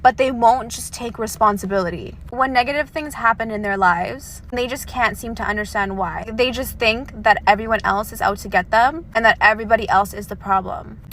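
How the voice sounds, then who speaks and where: A woman's voice: on the high side, a little fast, hardly any pauses, fairly bright tone, a little hiss or hum. A woman ranting bluntly and with exasperation in a casual talk to camera.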